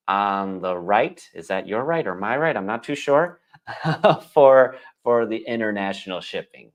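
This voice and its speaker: A man teaching a live-streamed English lesson, chatty and thinking aloud as he explains pronunciation. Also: on the low side.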